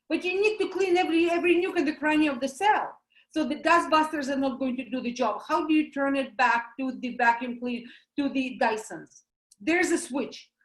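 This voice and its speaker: High, animated woman with a Russian accent. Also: echoey room, low-quality recording. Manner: animated, uses homely comparisons, asks and answers her own questions. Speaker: doctor promoting supplements. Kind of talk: lively presentation talk.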